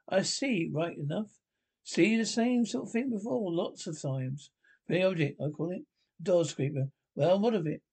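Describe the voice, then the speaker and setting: Brief: a man doing a fussy, grumbling storybook mole with a husky edge. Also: sits high, normal speed, darkish tone, exaggerated voice. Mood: dismissive. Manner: peevish and complaining. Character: grumpy, literal-minded male mole. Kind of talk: storybook reading.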